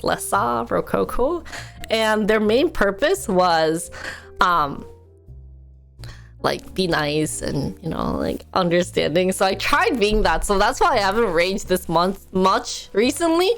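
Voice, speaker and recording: A young woman streamer chatting casually with her viewers, ranting with animation, laughing often and mimicking other people. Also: medium pitch.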